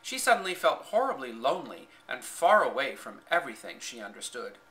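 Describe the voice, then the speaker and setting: Expressive male audiobook narrator. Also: mid-range voice, a little fast, poor audio. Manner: expressive storytelling, voicing characters. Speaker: audiobook reader. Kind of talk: scripted narration.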